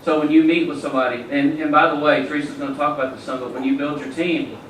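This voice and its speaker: A man's voice: fairly high pitch, flat delivery, fast, fairly bright tone, a little hiss or hum. A man giving an enthusiastic motivational talk at a conference, preaching and telling stories. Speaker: keynote speaker. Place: large conference hall. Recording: echoey hall from far off.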